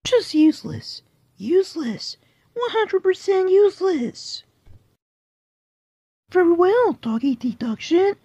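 A woman's voice: very high-pitched, sing-song, slow, long pauses, mellow, no echo, full character voice. A woman voicing a goofy, rambling male cartoon cat who talks in a jumpy, silly way, heard on a dull lo-fi recording. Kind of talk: cartoon voice acting.

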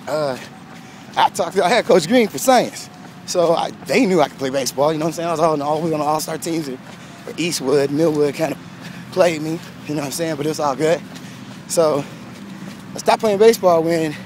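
A middle-aged man telling stories in a casual vlog while walking his old high school track, animated and slangy, laughing often. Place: outdoors at a school track and field. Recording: faint outdoor background noise.

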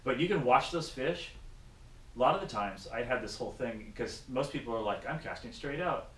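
A man chatting casually about fishing, an animated storyteller who acts out other people's lines. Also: medium pitch, brisk. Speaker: guest angler. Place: in a car on the road. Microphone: action camera. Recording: echoey and distant, faint noise.

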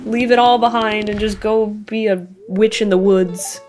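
A woman giving casual let's-play commentary, giggly and excitable, peppering her talk with "like". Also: mid-range voice, unhurried, faint music behind. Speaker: gaming video host.

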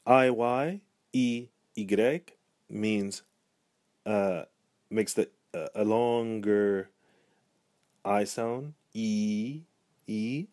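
Guy slowly teaching letter sounds, lowish voice, says every word twice, dry close sound. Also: darkish tone, no echo. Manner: slow, patient, repeats each example word. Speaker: language teacher. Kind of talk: pronunciation tutorial.

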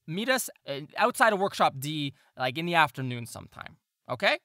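A man's voice: on the high side, sing-song, brisk, sharp tone, heavily acted. A man doing a chirpy little gnome. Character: small chirpy male gnome official.

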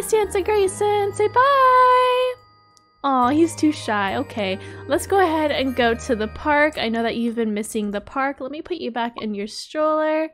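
A young woman giving bubbly, excitable role-play game commentary, gasping often. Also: high-pitched. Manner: bubbly and excitable, frequent gasps. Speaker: gaming YouTuber.

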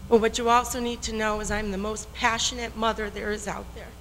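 A woman's voice: on the high side, flat delivery, brisk, fairly bright tone, slight background noise. A woman giving public comment at a town hearing, her voice shaky and weepy, passionate and emphatic, repeating her key points. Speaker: resident speaking at public hearing. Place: town meeting hall. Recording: long reverb in a meeting hall.

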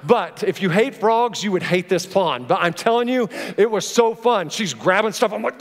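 High-voiced male pastor preaching. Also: normal speed. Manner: animated storytelling with direct questions to the congregation. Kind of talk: sermon. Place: large church auditorium. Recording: long hall reverb of a church auditorium.

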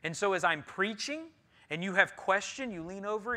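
Male pastor, bright tense voice a bit high for a man, preaching, swings loud to hushed. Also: expressive, normal speed. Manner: swings from loud emphatic preaching to quiet earnest talk. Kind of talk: sermon. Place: church sanctuary.

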